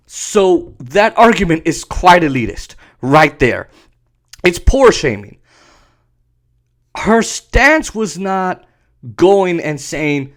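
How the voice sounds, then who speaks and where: A man's voice: high voice, expressive, slow. A man hosting a podcast, ranting sarcastically with profanity and laughter. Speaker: podcast host. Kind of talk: ranting commentary.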